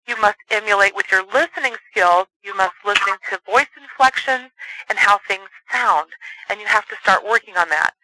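Male sales trainer, high and very bright voice, earnest coaching tone, dry close sound. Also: no echo, poor audio. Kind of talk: motivational training talk.

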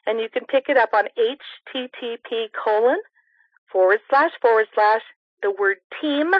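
A woman's voice: a little high, moderate pace, no echo. A woman leading a sales training on a conference call, coaching in an upbeat way and demonstrating voice tones. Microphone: telephone. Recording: muffled dry phone-call audio.

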